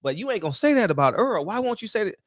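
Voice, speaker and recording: A man's voice: high voice, very animated, rapid-fire, dry recording, clean studio sound. A man hosting a commentary show, ranting heatedly and firing off rhetorical questions. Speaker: boxing commentary host.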